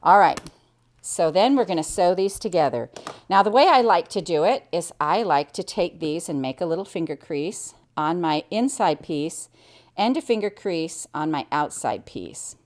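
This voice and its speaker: A middle-aged American woman walks through a quilting project step by step. She chats cheerfully as she works, and her voice sits a little low. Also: expressive, moderate pace, a little mellow. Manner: chatty, cheerful step-by-step explaining. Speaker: quilting teacher. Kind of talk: hands-on sewing tutorial.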